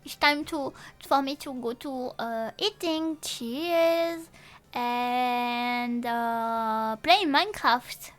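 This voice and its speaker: A young woman who speaks natively, chatting casually on a live stream in a rambling, halting way with many restarts and playful swearing. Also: on the high side, a bit bright, faint music behind. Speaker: VTuber streamer.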